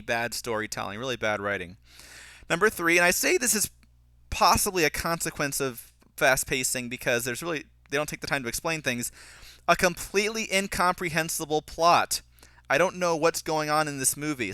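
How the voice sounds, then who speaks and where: A young man giving a casual, critical film commentary, animated and mocking characters' lines as he goes. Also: a little high, smooth, dry recording. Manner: animated, mocking voices when quoting characters. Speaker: film reviewer.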